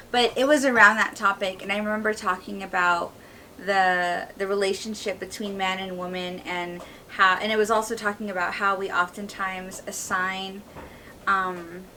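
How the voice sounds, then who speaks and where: Woman podcast co-host, bright tone, a bit off-mic, faint hiss, candid, firm. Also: medium pitch, distant mic, low-quality recording. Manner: candid, firm, frequent "like" fillers. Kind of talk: casual conversation.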